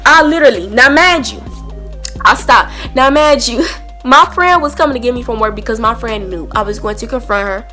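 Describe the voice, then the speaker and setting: A young woman, telling an animated storytime to camera and acting out both sides of a heated argument. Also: fairly high pitch, normal speed, soft background music. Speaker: storytime vlogger.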